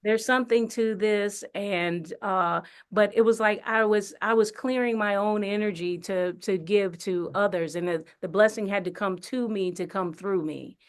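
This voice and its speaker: A woman's voice: mid-range voice, steady tone, moderate pace, hardly any pauses. A woman, an actress, telling her story in a casual interview, chatty with many fillers and restarts. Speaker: actress and singer, interview guest. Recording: radio studio interview.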